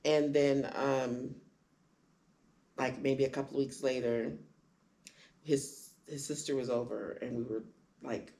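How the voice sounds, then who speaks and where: A woman candidly telling her own story in conversation, acting out quoted lines with sudden jumps in pitch. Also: steady tone, slow, pauses often, mellow. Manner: acts out quoted dialogue with big pitch jumps. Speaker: guest sharing her story.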